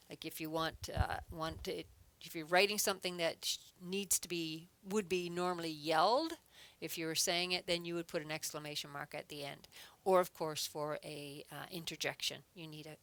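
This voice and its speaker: A woman teaching a grammar lesson, explaining patiently one step at a time. Her voice is bright and sits a little low, and the sound is close and dry, with no room around it. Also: no room sound. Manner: checks in with frequent "okay". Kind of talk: recorded adult English lesson.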